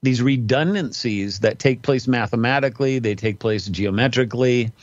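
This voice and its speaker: A man's voice: medium pitch, normal speed, dry recording, muffled recording. A man, a pastor and podcast guest, talking casually with lots of fillers and restarts over remote call audio. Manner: rambling, many fillers and restarts.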